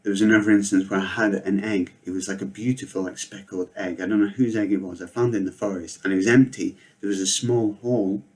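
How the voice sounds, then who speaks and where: A man, telling comedic stories in a deadpan, rambling, sweary way. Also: fairly low pitch, quick pace, few pauses. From Northwest England. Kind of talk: comedic storytelling monologue.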